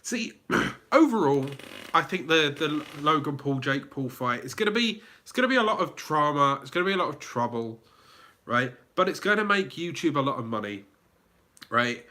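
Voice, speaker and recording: Man, southern English accent, livestream host, casual and rambling, bright tone, somewhat high voice. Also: expressive, normal speed. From England. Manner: chatty, reads chat aloud, many fillers and restarts. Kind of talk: casual live Q&A chat.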